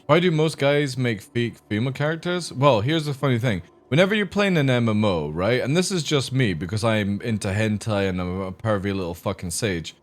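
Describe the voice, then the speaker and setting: A man's voice: mid-range voice, lively intonation, a little fast, few pauses. A man livestreaming a game, chatting casually with viewers in a crude, joking, rambling way. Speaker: gaming streamer. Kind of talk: casual live-stream chat.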